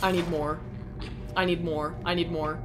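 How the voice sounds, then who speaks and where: A young woman streaming a video game, reacting excitably, joking, swearing and chatting with her viewers. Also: lowish voice, moderate pace, low-quality recording. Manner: excitable, jokey, swears freely, talks to chat. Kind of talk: live gameplay commentary, chatting with viewers. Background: game music.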